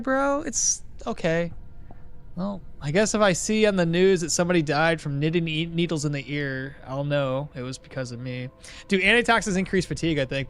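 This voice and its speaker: A man with a fairly bright voice on the high side streams a game live. While he plays, he chats casually and answers his chat.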